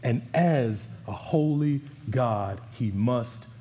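A man's voice: slow pace, dark tone. Emphatic male preacher in a reverberant hall. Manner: emphatic preaching, voice dropping low on key words. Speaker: pastor. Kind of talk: sermon. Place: church sanctuary.

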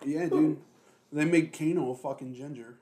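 A man's voice: fairly high pitch, normal speed, warm tone. Rambling man, swearing casually. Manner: rambling, heavy swearing, many fillers. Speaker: podcast co-host. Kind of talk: casual chat.

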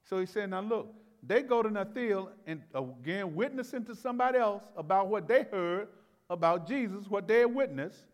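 A male pastor preaching a Bible-teaching sermon in a folksy, conversational way, with chuckles, repeated words and loud bursts of emphasis. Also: high voice, lively intonation, normal speed, in a large hall. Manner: rises to loud exclamations for emphasis. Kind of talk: expository sermon.

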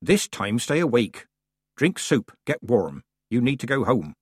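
A stern, sharp-tongued old witch woman, as a male reader puts her on, blunt and clipped in every word. Her voice is a touch husky and the reading is dry and close, with a lively rise and fall. She sounds like a storybook elder who expects to be obeyed. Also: mid-range voice, measured pace, no room sound. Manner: blunt, clipped, matter-of-fact. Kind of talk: audiobook character reading.

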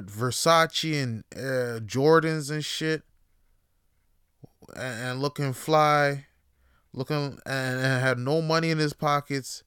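A man's voice: mid-range voice, fairly bright tone, smooth, no echo, clean studio sound. Profane, rambling man on a podcast. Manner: profane, rambling, laughs often. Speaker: podcast host. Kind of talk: casual opinion monologue.

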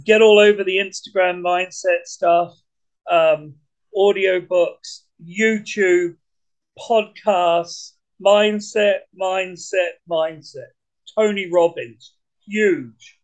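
A man with a British accent, talking as a podcast guest in an energetic, blunt way, swearing casually. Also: sits high, takes it slowly, rough recording. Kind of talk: casual conversation.

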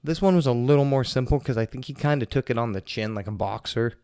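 A man's voice: mid-range voice, fast talker, clean tone, no echo. Profane man telling a story, dry sound. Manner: profane, animated, heavy swearing. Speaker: podcast host. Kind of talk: casual storytelling monologue.

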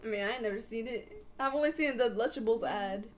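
A woman co-hosting a casual podcast, animated and laughing a lot, with playful protests. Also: fairly high pitch, fast, a little hiss or hum. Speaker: podcast co-host. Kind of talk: casual chat.

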